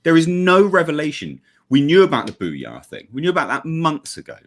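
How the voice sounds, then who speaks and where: A man's voice: on the high side, huge pitch swings, fairly quick. A man giving blunt, sweary, sarcastic livestream commentary as a regular panelist.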